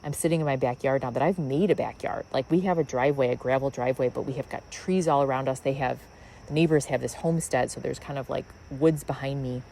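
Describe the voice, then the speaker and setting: A woman's voice: a bass voice, steady tone, quick pace, vocal fry, mellow, slight background noise, poor audio. A woman hosting a spiritual podcast, talking outdoors in her backyard in a rambling, musing way with many fillers. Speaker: podcast host. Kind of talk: reflective spiritual monologue.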